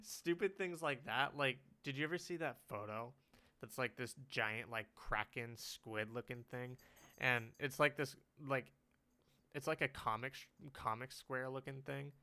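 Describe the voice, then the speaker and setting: A man's voice: mid-range voice, a little slow, bright, forceful tone, smooth. A young man telling rambling stories on a casual podcast, laughing often. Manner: giggly, rambling storyteller. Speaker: podcast co-host. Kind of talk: casual chat.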